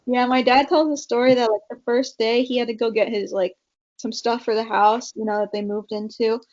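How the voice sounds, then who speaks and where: A woman's voice: on the high side, flat delivery, fairly quick, darkish tone. A young woman from California chatting as a podcast guest, telling family stories with lots of fillers and quoted voices. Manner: chatty storyteller, quotes her parents, many fillers. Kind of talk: casual interview chat. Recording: dull lo-fi podcast audio.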